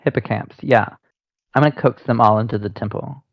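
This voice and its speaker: Gravelly guy playing a tabletop game, chatty, says like a lot, dull dry lo-fi mic. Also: fairly low pitch, brisk, slight background noise. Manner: chatty, explains his plans with lots of "like". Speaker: player. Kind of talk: casual tabletop game chat.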